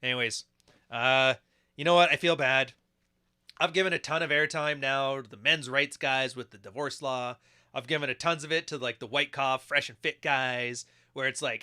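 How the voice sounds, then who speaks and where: Bright, joking man on a reaction podcast. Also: medium pitch, fairly even intonation, normal speed, clean tone. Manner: crude, joking, frequently laughing. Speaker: podcast host reacting to video clips. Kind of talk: casual reaction commentary.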